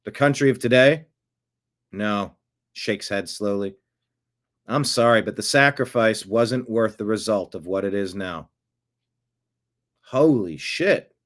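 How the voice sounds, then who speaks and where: A man's voice: lowish voice, takes it slowly, pauses often. A man giving solo political commentary, reading a transcript aloud in an indignant, emphatic way.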